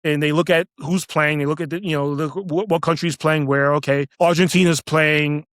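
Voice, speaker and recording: A middle-aged man, a retired police officer, telling stories casually, halting and repeating words as he acts out quoted dialogue. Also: a little high, steady tone, fairly bright tone, no room sound, clean studio sound. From United States. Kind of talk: casual storytelling.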